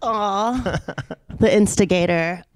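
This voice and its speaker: A woman hosting an interview in gentle, affectionate casual chat. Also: mid-range voice, slow pace, no echo. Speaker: host.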